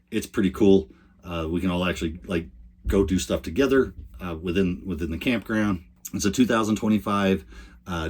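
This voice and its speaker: Speaking straight to the camera, an older RV lifestyle vlogger rambles through a chatty story. His low, slightly husky, somewhat mellow voice often breaks off and restarts mid-sentence.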